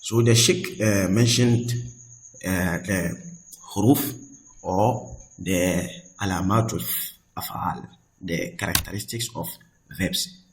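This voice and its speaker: Patient low-voiced male grammar teacher. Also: slow, slight background noise, low-quality recording. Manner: patient, repeats examples and checks understanding; reads Arabic examples between English explanations. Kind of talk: explaining a lesson.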